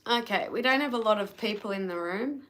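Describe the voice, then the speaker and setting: Australian woman, tarot reader on a live stream, chatty and relaxed, bright tone. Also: mid-range voice, brisk. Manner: chatty, talks to live viewers between readings.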